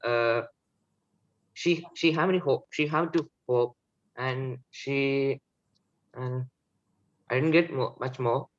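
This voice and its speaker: A man, an acting student answering haltingly and searching for words. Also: medium pitch. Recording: lo-fi call audio.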